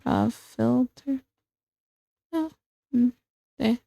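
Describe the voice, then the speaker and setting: Slow, gravelly-voiced American woman streamer. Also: on the high side, mellow, no echo, studio quality. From United States. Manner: rambling, self-mocking, repeats words. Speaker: streamer drawing live. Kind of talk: casual stream chat while drawing.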